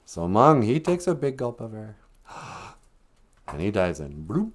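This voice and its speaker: Relaxed male storyteller. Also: lowish voice. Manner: relaxed, conversational, dramatic pauses. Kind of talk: live-streamed oral storytelling.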